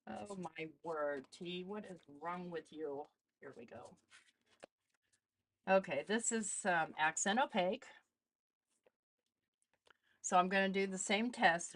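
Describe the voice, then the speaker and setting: A woman's voice: on the low side, creaky. A woman hosting a casual live art demonstration, chatting as she tests supplies and greets viewers. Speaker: art channel host.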